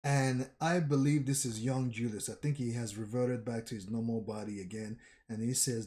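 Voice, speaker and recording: A man reading a comic aloud with live commentary. He thinks out loud and often repeats his phrases. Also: medium pitch, fairly even intonation, normal speed, hardly any pauses. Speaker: manga reaction streamer.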